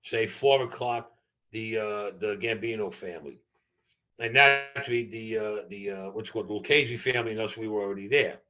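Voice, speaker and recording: An older man tells stories as an interview guest, blunt and profane. His voice is bright and forceful. The recording sounds a little dull and muffled. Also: lowish voice, fairly quick. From New York. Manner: blunt, profane, animated storyteller. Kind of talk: storytelling in a podcast interview.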